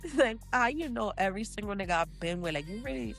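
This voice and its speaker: A woman's voice: mid-range voice, expressive, fast, vocal fry, fairly bright tone, soft background music. Slangy laughing book club woman. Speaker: book club podcast co-host. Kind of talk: casual chat retelling a book.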